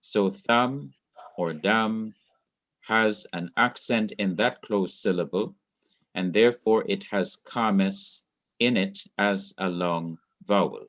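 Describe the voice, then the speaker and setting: A man with a Jamaican accent teaching a Hebrew grammar class online, slowly repeating each rule for emphasis. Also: lowish voice, a bit bright. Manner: slow, repeats key rules for emphasis. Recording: dull lo-fi online class audio.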